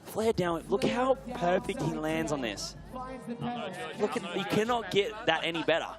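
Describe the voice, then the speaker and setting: A man giving live sports commentary, excitable and bursting into shouts when something big happens. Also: high-pitched, normal speed.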